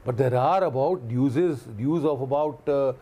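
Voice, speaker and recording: A man's voice: medium pitch, measured pace, warm tone. A man giving impassioned commentary on a TV news panel, repeating key phrases for emphasis. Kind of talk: impassioned televised debate commentary.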